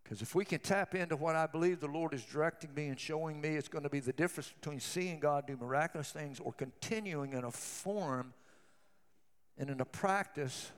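High-voiced fervent male preacher. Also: moderate pace, long reverb tail. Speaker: pastor. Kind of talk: sermon.

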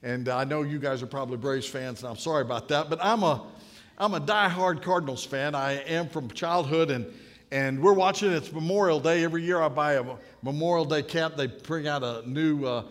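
A man's voice: a little high, brisk. Man, late 50s, storytelling preacher, folksy and humorous, long hall reverb. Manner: folksy, anecdotal, builds to punchlines. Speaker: speaker at a podium. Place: large hall with an audience.

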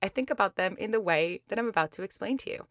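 A woman's voice: mid-range voice, animated, quick pace, no echo, studio quality. A woman hosting a motivational talk show, telling a personal story in a chatty way, laughing often and acting out her own complaints. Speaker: podcast host.

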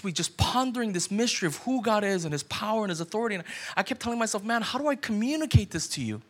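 Man, 30s, pastor, sermon, high voice, conversational, urgent repeated questions. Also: lively intonation, fast talker, fairly bright tone.

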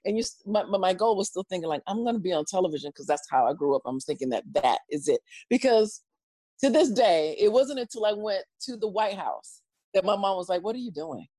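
A woman guest telling a story in an interview, lively and expressive, acting out voices and laughing often. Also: mid-range voice, a little fast, dry recording.

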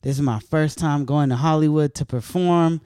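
A man's voice: a little high, normal speed, clean tone, no echo, clean studio sound. A man from California, a stand-up comedian, telling loose, profane stories in casual chat. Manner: loose, profane, animated storytelling.

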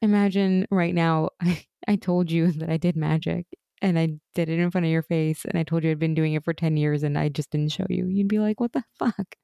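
A woman co-hosts a relaxed recap chat, her voice mellow and a touch low. She gushes with enthusiasm and slips into little acted-out quotes. The sound is dry and close. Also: a little fast, vocal fry, few pauses, clear, resonant tone, no room sound. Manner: enthusiastic, gushing, acts out quoted lines. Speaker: podcast co-host. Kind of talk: casual chat recapping a TV episode.

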